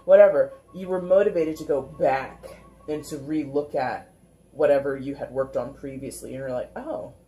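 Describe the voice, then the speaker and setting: A tarot reader talks through a card spread in a loose, conversational ramble. The voice is mellow and warm, with plenty of filler words. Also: mid-range voice, fairly even intonation, normal speed. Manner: chatty, rambling, heavy use of filler 'like'. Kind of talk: casual tarot reading monologue.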